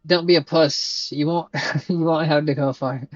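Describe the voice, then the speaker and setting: A man's voice: a little high, steady tone, measured pace, dry recording. Tired settler asking for help in a game, read by a male streamer, dull muffled sound. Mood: coaxing. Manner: plain reading of dialogue.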